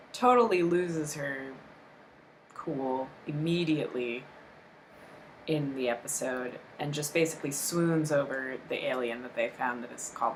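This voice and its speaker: A woman co-hosting a casual review chat, animated and exasperated, often mock-quoting characters. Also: rumbling low, a little hiss or hum. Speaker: podcast co-host.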